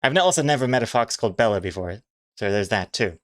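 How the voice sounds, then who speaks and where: A man chatting on a live stream while he draws, joking at his own expense. His pitch swings widely as he talks. The sound is dry and close. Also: animated, fast talker, a bit bright, no echo. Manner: self-mocking, jokey, reads chat aloud. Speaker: comic artist streaming. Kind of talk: casual live-stream chat while drawing.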